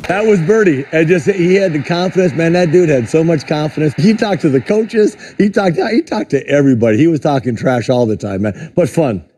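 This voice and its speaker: A man's voice: on the high side, brisk, hardly any pauses, faint music behind. A man telling playful stories about a former teammate in a casual interview, laughing often. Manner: laughing often, animated storyteller.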